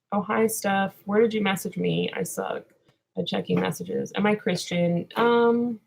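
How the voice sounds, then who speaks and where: A woman vlogging in character as a clown. Her voice sits at an ordinary mid pitch. She rambles and drifts between sincere musings and silly asides. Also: gravelly, slightly rough. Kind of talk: rambling casual vlog.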